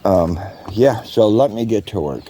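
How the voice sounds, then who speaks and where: A man's voice: on the low side, measured pace, noisy background. A man vlogging outdoors in his yard, chatting casually to his viewers with lots of ums, calling them guys. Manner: relaxed, rambling, addresses viewers as guys, many ums. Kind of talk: casual chat to camera.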